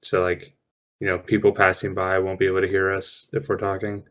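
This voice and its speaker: A man's voice: low voice, completely flat delivery, brisk, fairly bright tone. A man playing a tabletop game online, describing his character's actions in a loose, casual, rambling way. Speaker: player. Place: home, online call.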